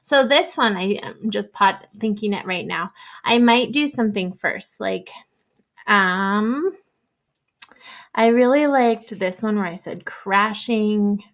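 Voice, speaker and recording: Gentle woman teacher thinking aloud. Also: medium pitch, slow pace, muffled recording. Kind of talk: online writing lesson for young students.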